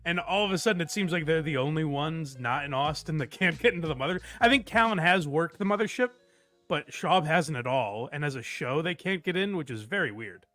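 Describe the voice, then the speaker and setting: A man hosting a comedy podcast, ranting in an animated, mocking way. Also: on the high side, fairly quick. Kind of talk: comedic rant.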